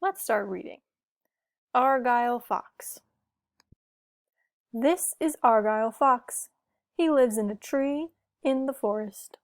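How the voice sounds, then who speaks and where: A woman reading a picture book aloud to children, gentle and asking the listener questions. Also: on the high side, slow, long pauses, dry recording, studio quality. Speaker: storybook reader.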